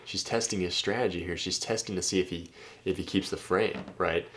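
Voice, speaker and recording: A dating coach with a deep, slightly bright voice reads text messages aloud at a somewhat quick pace. His commentary is loose and chatty, with some swearing and a frequent "right?".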